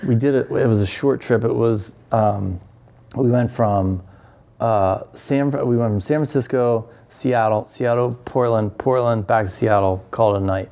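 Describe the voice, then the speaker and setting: A man as a podcast guest, animated and rambling as he tells stories in casual chat. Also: mid-range voice, moderate pace. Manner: animated, rambling with fillers and restarts.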